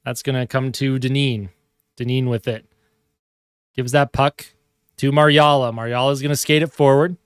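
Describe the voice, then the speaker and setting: A man's voice: medium pitch, fairly even intonation, moderate pace, long pauses, clean tone, no echo, studio quality. A man doing live hockey play-by-play from home in a casual, chatty way, with asides to viewers. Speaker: hockey stream host. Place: home room.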